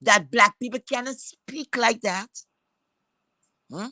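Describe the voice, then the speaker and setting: Woman commentator, bright edgy tone, blunt and foul-mouthed, hammering rhetorical questions. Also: on the high side, slow pace, no echo. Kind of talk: heated opinion rant.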